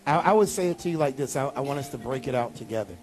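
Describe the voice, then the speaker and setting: A man pastor preaching a sermon, animated, with sudden high exclamations. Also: quick pace, faint music behind.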